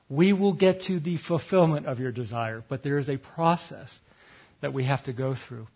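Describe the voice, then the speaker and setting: A man giving a sermon, telling a story about himself with animated delivery, acting out quoted lines and laughing at his own mistakes. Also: mid-range voice, moderate pace, breathy edge. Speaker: speaker at a retreat.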